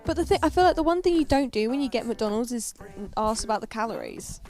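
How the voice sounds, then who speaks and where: A woman's voice: fairly high pitch, expressive, fast, a little mellow, soft background music. A woman co-hosting a casual livestream quiz, laughing often. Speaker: co-host.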